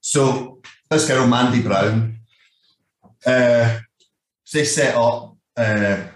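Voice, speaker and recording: A man's voice: medium pitch, drawn-out words. A Scottish man in his fifties, a guest telling long rambling anecdotes, swearing freely and leaning on "you know what I mean". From Scotland. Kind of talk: casual storytelling. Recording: echoey room, distant mic.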